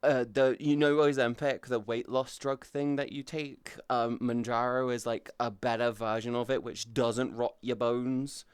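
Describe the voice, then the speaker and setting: A man's voice: mid-range voice, fairly even intonation, unhurried, hardly any pauses, smooth, no echo. A British man chatting casually on a live stream, rambling and swearing as he goes, with lots of restarts, close to the mic. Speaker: VTuber streamer.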